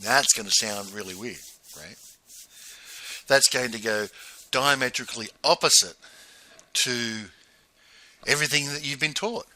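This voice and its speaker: A man delivers a coaching lesson in a sharp, bright, forceful voice. He talks in a loose, halting way, chuckling and tossing in "right?" as he goes. The recording is dry, with no room sound. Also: mid-range voice, no room sound. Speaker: business coach. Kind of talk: spoken lesson with anecdotes.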